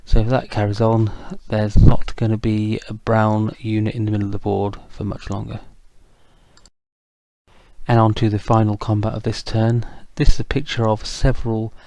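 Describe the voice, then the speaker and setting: A man's voice: fairly low pitch, little pitch movement, normal speed, mellow, no echo. A man casually narrating a tabletop wargame battle report, chatty and self-deprecating, with frequent ums. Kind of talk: casual game recap narration.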